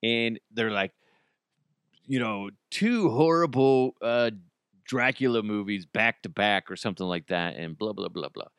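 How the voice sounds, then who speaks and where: A man's voice: fairly low pitch, a little slow, fairly bright tone, smooth, no room sound, clean studio sound. A man hosting his own podcast, rambling casually, joking at his own expense and laughing often. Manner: rambling, self-deprecating, laughs often, does silly voices. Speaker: podcast host. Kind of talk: casual solo podcast monologue.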